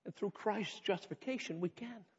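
A pastor delivers an earnest, conversational sermon in a church, building to impassioned peaks. His voice is high-pitched and husky at a normal speed, and the recording sounds reverberant, dull and muffled.

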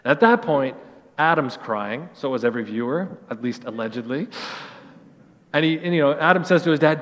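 A middle-aged man, preaching a sermon in earnest storytelling fashion, dropping soft at key phrases. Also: fairly high pitch, a little fast, long reverb tail. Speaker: pastor.

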